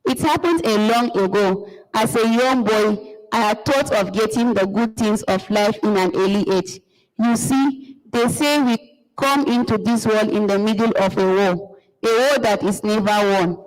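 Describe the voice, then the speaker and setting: A woman reading a play aloud, voicing an aging father who speaks in measured proverbs. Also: mid-range voice, close to an everyday voice. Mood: reflective. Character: aging father guarding a painful secret. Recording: long hall reverb.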